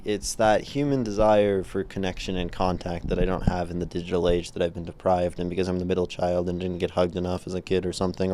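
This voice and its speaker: A man hosting a livestream and improvising spoken word poetry, musing softly and then suddenly loud, laughing at himself and chatting to viewers between lines. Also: low-pitched, a little hiss or hum. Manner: free-associating, musing, soft and intimate, then suddenly loud. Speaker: livestream host.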